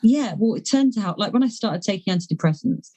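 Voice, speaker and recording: A woman's voice: medium pitch, animated, fairly quick, dark tone. A woman who is a guest on a podcast, talking candidly and plain-spoken, with casual swearing. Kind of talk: candid conversation.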